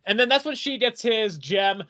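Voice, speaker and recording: A man's voice: high-pitched, normal speed, muffled recording. A man co-hosting a comics podcast, ranting animatedly and swearing as he acts out quotes in casual chat. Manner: animated, profane, rants with acted-out quotes. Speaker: podcast co-host reviewing comics.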